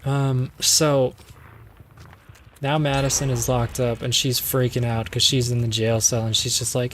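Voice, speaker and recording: A young man rambling through a plot recap while playing, cursing offhandedly and drifting off track. His voice sits at an ordinary middle pitch, with a faint hum of background noise. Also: level tone, measured pace, a bit bright. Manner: rambling, swearing, distracted by game. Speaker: streamer. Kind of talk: casual movie recap while gaming.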